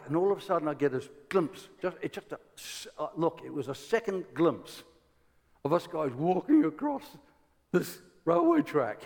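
A man with an Irish accent preaching a sermon, telling stories with lively energy, stumbling restarts and laughing asides. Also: on the high side. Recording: long hall reverb.

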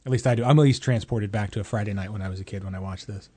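A man's voice: lowish voice, racing, no echo. A man in his forties co-hosting a casual movie chat podcast, swearing, joking and ranting. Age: 40s. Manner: animated, profane, ranting. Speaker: podcast co-host.

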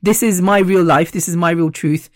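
Blunt podcast host in their 50s, frank and profane, mid-pitched, dry close recording. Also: fairly even intonation, normal speed, no room sound. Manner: blunt and profane, gropes for words. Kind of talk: personal podcast monologue.

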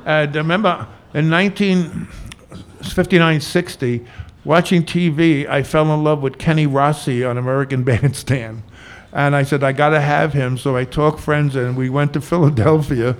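A man's voice: a little high, fairly even intonation, moderate pace. Chatty, joking older bartender man. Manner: chatty, joking, laughs a lot. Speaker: veteran bartender, guest. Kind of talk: storytelling in a Q&A.

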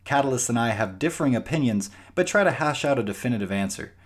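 A man hosting a gaming podcast, talking casually with rambling, animated energy. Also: mid-range voice, fast talker. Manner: rambling, animated, restarts often. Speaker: podcast host.

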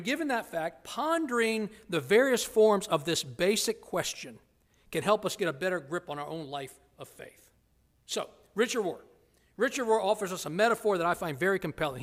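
High-voiced preacher with dramatic hushes. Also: male voice. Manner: dramatic, shifts from loud emphasis to hushed near-whispers; playful asides to the congregation. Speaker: pastor. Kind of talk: sermon. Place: church sanctuary.

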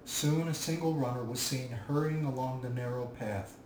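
A man narrating a storybook aloud in a measured, even manner. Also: medium pitch. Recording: roomy, distant mic, faint hiss.

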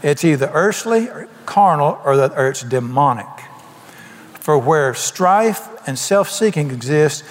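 A man's voice: fairly high pitch, big-room sound, a little hiss or hum. An older man preaching a folksy, emphatic sermon, asking the congregation questions. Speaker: pastor.

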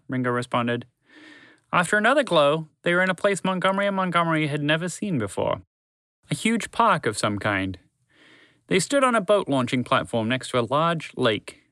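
A man host narrating a children's story podcast in a clear, steady, friendly read. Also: medium pitch, a little fast, no echo, studio quality.

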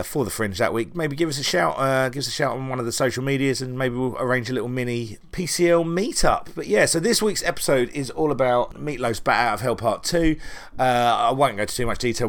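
A man from England hosts a casual podcast, chatty and fond of joking, with the odd swear. His voice sits in a middling pitch for a man. He talks loosely, with restarts and fillers. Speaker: podcast co-host.

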